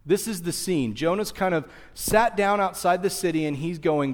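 A man preaching a sermon and teaching from the pulpit, lively and conversational, briefly acting out the people in the story. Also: high-pitched, moderate pace, hardly any pauses, long reverb tail. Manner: animated, acts out voices of people in the story. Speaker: pastor.

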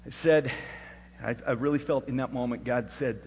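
A man's voice: mid-range voice, moderate pace. Middle-aged man preaching in a hall. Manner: storytelling, swings from hushed to loud and emphatic. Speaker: pastor. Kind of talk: sermon. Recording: echoey hall with faint hum.

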